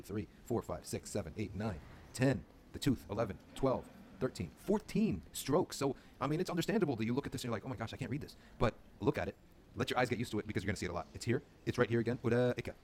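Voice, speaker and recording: Fast-talking male Quran reading teacher. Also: medium pitch, a little hiss or hum. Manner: patient, repeats words slowly for learners; drills letter by letter, fond of "okay?". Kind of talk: recorded video lesson.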